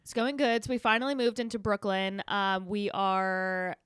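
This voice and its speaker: A pregnant woman in her thirties co-hosting a podcast, telling a story in animated, swearing bursts and acting out what people said. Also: medium pitch, normal speed, clean tone, no room sound, studio quality. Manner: animated storytelling, swears freely, acts out quotes. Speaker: podcast co-host. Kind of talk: casual chat.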